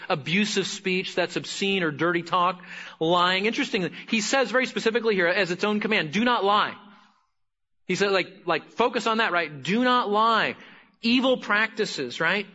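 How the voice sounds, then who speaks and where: A man preaching a sermon in a high, bright voice. He swings from quiet, conversational asides to loud, emphatic bursts. The recording sounds a little dull and lo-fi. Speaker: pastor.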